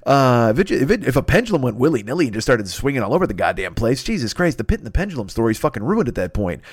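A man's voice: mid-range voice, sing-song, very fast, breathy edge, dry recording, clean studio sound. A man in his fifties, a podcast host, riffing in a rambling, profane comedic rant and acting out silly voices. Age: 50s.

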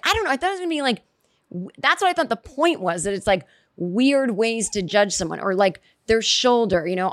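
A woman hosts a comedy podcast, spinning a rambling story and slipping into quick voiced asides. Her pitch sits in the middle of the range. The recording is dry and close, with no room sound. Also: very animated, no echo. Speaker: podcast host. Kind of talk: comedic monologue.

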